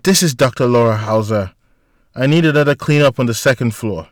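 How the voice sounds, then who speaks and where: A man doing a firm woman doctor who lays down the rules, voice lifted a little and pushed louder than his narration, clipped and insistent. The sound is dry and close to the mic. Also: medium pitch, fairly quick, dry recording, lightly acted.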